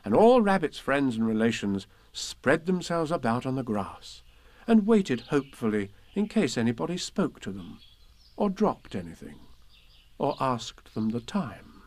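Male storyteller, gentle and measured, lively melody, mid pitch. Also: no echo. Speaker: narrator. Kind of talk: storybook reading.

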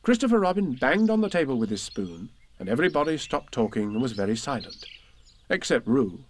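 A man narrating a children's storybook in a gentle, unhurried way. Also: medium pitch, very animated, slight background noise. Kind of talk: storybook reading.

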